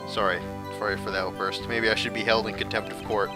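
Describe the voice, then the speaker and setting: A man doing let's play commentary, muttering quietly to himself as he plays. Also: lowish voice, flat delivery, fast talker, over music. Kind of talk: game commentary.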